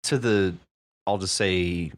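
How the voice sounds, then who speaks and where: A woman's voice: very deep voice, slow. A woman co-hosting a podcast, chatting casually about submitted stories in an easygoing, reflective way and laughing heartily. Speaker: podcast co-host.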